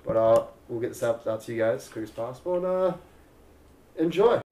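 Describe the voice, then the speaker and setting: A man's voice: medium pitch, expressive, a little fast, dark tone. A man running a tabletop game as dungeon master, casual and loose, swearing freely.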